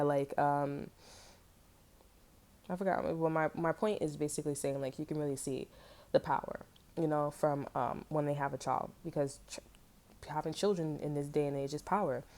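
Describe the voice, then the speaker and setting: Low, dark-voiced woman rambling through a tarot reading. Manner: rambling, chatty, lots of "you know what I'm saying"; blunt and swearing freely. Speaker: tarot reader. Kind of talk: casual tarot reading monologue.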